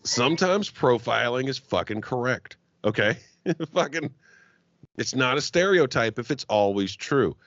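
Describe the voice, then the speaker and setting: A podcast co-host trades crude comedic banter, swearing freely, joking and laughing often, with frequent stumbling restarts that trail off. His mid-range voice has lively intonation, a fairly bright tone and an unhurried pace. The recording is muffled, with no echo.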